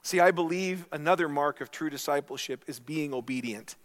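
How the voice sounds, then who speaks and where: Man, middle-aged, pastor, sermon, earnest storyteller, fairly high voice. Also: a little fast. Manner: earnest storytelling, addressing listeners as friends.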